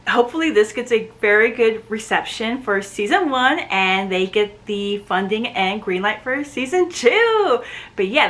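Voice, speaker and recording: A woman reacting to and reviewing a TV series, excitable, talking back to the screen and laughing often. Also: mid-range voice, roomy sound, rough recording.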